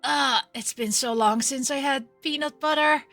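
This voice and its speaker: A woman's voice: high voice, measured pace, creaky, a bit bright, dry recording, faint music behind, pitched above the performer's own voice, heavily acted. A woman voicing a shy young woman just back home, answering in hesitant, stammering lines. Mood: flustered.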